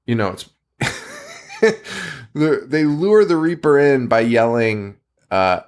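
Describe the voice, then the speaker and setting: Male podcast host, casual recap, animated pitch, giggly and profane. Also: slow pace. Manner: laughing often, swearing, rambling with restarts.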